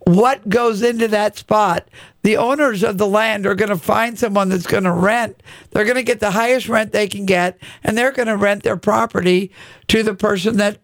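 A man's voice: high-pitched, fairly even intonation, normal speed, gravelly, a bit bright, no room sound. A man hosting a call-in radio show, chatting casually with a guest and callers into a close studio mic. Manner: chatty, conversational.

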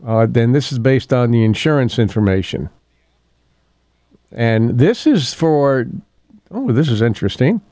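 Rambling, chuckling middle-aged radio host. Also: male voice, medium pitch, animated, unhurried, long pauses, dark tone, no echo, studio quality. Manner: rambling, chuckles often, loses his place. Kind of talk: casual morning radio talk. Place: radio studio.

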